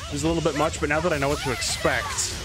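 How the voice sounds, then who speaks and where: A stream co-host chats casually over gameplay, asking lots of questions and laughing easily. Game music plays clearly behind the voice. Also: mid-range voice, fairly even intonation, very fast. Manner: chatty and inquisitive, laughs often.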